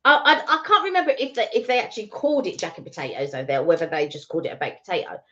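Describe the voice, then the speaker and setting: A woman co-hosts a casual live stream, telling stories in a loose, rambling way full of fillers and restarts. Her voice sits at an ordinary middle pitch. The sound is muffled and lo-fi. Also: very fast, sharp tone. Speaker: co-host.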